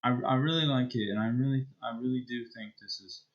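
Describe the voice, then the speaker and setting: A man's voice: mid-range voice, a little fast, dull audio. A man streamer chatting casually as he wraps up a live game stream, rambling and hesitant with many restarts.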